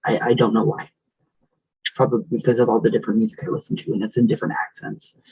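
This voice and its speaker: A man's voice: medium pitch, level tone, fast talker, darkish tone, husky, highs cut off. A man vlogger chatting casually with viewers and greeting them. He rambles with lots of fillers and sometimes rolls his R's. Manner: rambling and affectionate, many fillers. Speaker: vlogger reading viewer comments. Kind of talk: casual chat.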